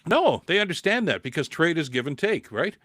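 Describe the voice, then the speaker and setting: A man's voice: on the high side, sing-song, brisk, fairly bright tone, no room sound. A Canadian man hosting a live political podcast, reading viewer comments and answering them in an impassioned way, his throat dry from a recent cold. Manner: impassioned, repeats words, rising to emphatic peaks.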